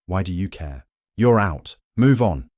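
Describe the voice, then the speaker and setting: A deep-voiced man voicing a scornful, panicky unfaithful young wife, shrill and pleading, then cold and cutting. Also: expressive, normal speed, dark tone, no room sound, clean studio sound.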